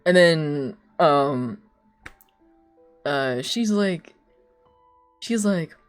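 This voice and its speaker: Young woman streamer, rambling and lively. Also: deep voice, drawn-out words, soft background music. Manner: rambling storytelling with frequent laughter and filler words. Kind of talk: casual chat on a live stream.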